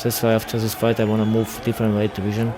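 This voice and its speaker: With a crowd audible behind him, this Armenian-accented boxer answers as a guest in a casual interview, using blunt, confident broken English. He speaks quickly and in a monotone, at a fairly low pitch.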